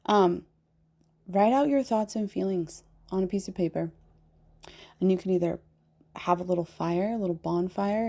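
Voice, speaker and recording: A woman's voice: fairly low pitch, warm tone. A woman in her thirties from the Pacific Northwest, rambling in a heartfelt spiritual talk and swearing casually. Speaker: spiritual channel host.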